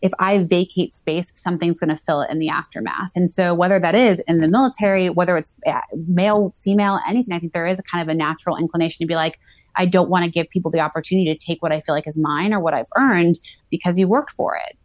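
Woman guest in her thirties, chatty, lowish voice, dry close mic. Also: steady tone, fast, dry recording. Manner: chatty, frequent "like" fillers and restarts. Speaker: guest, PhD student in psychology. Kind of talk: casual interview talk.

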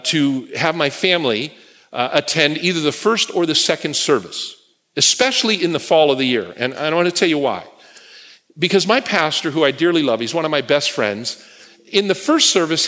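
A guest preacher with a bright, forceful voice on the high side delivers a sermon to a congregation in a church sanctuary. He tells stories sprinkled with humorous asides, and the recording carries the long reverb of a large hall.

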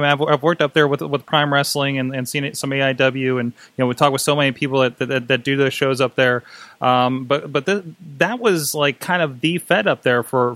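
A man's voice: on the high side, a bit bright, no room sound. A man hosting a podcast interview, chatty, repeating words as he gathers his thoughts. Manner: chatty, repeats words while thinking, laughs along. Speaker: podcast host. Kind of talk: casual interview chat.

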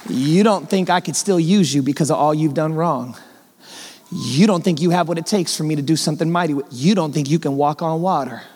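A pastor delivering a fervent sermon in a church, speaking directly and colloquially to his congregation, swinging between loud emphasis and hushed, low asides. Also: a little fast, big-room sound. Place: church sanctuary.

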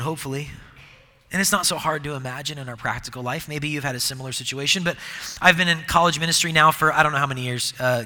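A middle-aged man preaching a sermon, with a conversational, animated manner and many restarts. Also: fairly high pitch. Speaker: pastor. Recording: long hall reverb.

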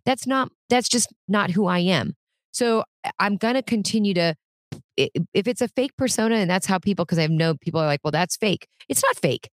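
A woman co-hosting a podcast, speaking frankly and earnestly about her own outlook. Her voice is close and dry, with a mid-range pitch. She stops and restarts as she works through her thoughts. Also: fairly quick, no echo. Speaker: podcast co-host. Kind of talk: casual group chat.

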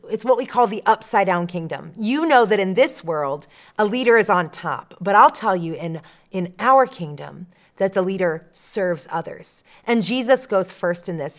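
A woman from a church staff sharing a podcast devotional, teaching earnestly and dropping low on key phrases for emphasis.

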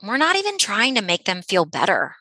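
A woman therapist explaining a technique in a gentle, encouraging, conversational way, often repeating herself. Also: mid-range voice, wildly swooping pitch, a little fast, no echo, poor audio. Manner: gentle, encouraging, repeats words, many "you know"s. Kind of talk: conversational instructional talk.

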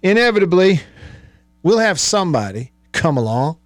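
Man hosting talk radio, chatty and rambling, slightly high voice, dry studio mic. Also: big pitch swings, normal speed, dry recording, soft background music. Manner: chatty, rambling, laughs often, reads sponsor plugs. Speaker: radio show host. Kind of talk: casual sports-talk radio chat.

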